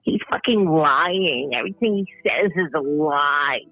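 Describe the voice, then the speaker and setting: A woman's voice: low-pitched, expressive, dry recording, heavily acted. A woman putting on a growly foul-mouthed caller. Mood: accusing. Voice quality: growly, husky. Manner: profane, halting. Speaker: prank caller. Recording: dry tinny phone line.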